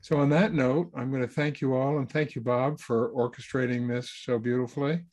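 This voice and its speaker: Male author on a video call, mid pitch, relaxed and anecdotal. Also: normal speed. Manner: easygoing, anecdotal. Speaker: published author answering questions. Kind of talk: online Q&A talk.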